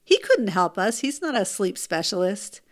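Animated woman telling a personal story. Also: medium pitch, normal speed. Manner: animated, emphatic retelling with rhetorical asides. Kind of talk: first-person storytelling monologue.

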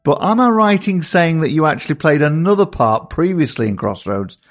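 A man interviewing a guest, asking his questions slowly and deliberately. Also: a little high, animated.

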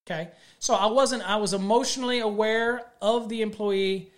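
A man's voice: sits high, steady tone, moderate pace. Man, middle-aged, show host, plainspoken, leadership talk, job-site anecdotes. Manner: plainspoken, tells workplace stories from experience. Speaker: electrical contractor and show host.

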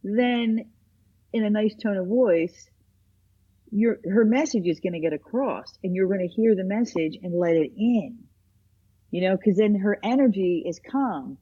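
Husky woman therapist chatting animatedly. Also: medium pitch, a little slow, dull audio. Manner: animated storyteller acting out quoted voices. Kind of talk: casual chat.

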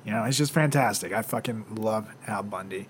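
A man co-hosting a casual talk show, laid-back and animated, swearing often as he tells stories. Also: fairly low pitch, brisk, a little hiss or hum. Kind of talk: casual chat.

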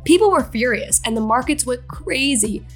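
A woman's voice: high-pitched, expressive, normal speed, husky. A woman news correspondent narrating a scripted explainer in a breezy, chatty way, with faint music behind her.

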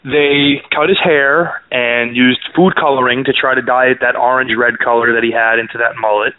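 A man from Canada, a co-host on a radio talk show, telling a family story in a wry, unhurried way. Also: mid-range voice, fairly even intonation. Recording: phone-like narrow sound, dry.

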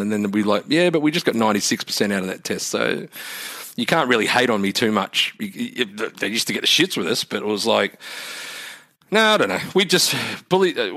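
A man's voice: fairly low pitch, fairly bright tone. A man with an Australian accent in his thirties, chatting casually as a guest, laid-back and swearing freely. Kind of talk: casual interview chat.

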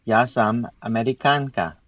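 A man's voice: medium pitch, highs cut off. A man co-hosting a podcast lesson, carefully repeating phrases after the teacher. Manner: slow, careful repetition. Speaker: podcast co-host, learner. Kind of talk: casual podcast practice.

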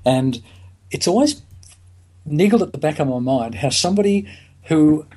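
A man's voice: a little high, lively intonation, moderate pace, dark tone. A middle-aged man, a psychologist and author, talking as a podcast guest, hesitant with many fillers and restarts. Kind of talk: podcast interview.

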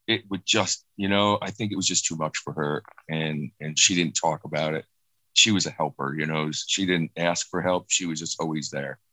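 Low-voiced man recounting a loss. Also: no room sound, low-quality recording. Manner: halting, restarts, soft and reflective. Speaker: guest sharing personal loss. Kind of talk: emotional personal account.

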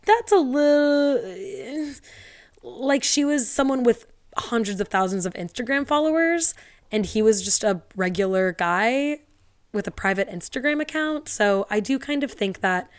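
A woman hosting a podcast in a chatty, wry way, tossing sarcastic asides between the passages she reads aloud. Her voice is smooth and clean, and the recording is close and dry, with no room around it. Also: medium pitch, animated, normal speed, no echo. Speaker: podcast host. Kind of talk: casual storytelling podcast, reading captions aloud.

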